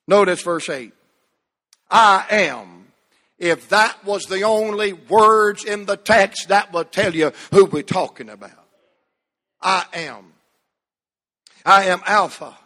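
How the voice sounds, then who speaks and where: A man's voice: high-pitched, bright, forceful tone. A man preaching a sermon as pastor, drawing out words with emphatic cadence and calling the congregation to repeat after him. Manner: drawn-out emphatic preaching cadence, call and response. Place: church sanctuary. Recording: long church hall reverb.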